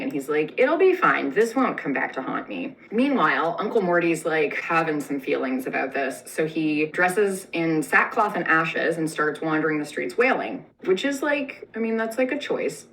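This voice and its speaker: A woman's voice: deep voice, fairly bright tone, distant mic, a little hiss or hum, rough recording. Snarky, sweary young woman storyteller. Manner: sarcastic, profane, valley-girl "like" filler, snarky asides. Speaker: comedic storyteller. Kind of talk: casual comedic retelling.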